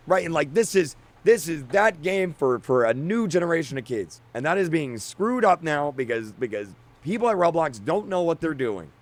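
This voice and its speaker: A young man, a game creator, giving a frustrated, emotional rant that is full of restarts and stammers. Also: on the high side. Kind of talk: on-camera rant.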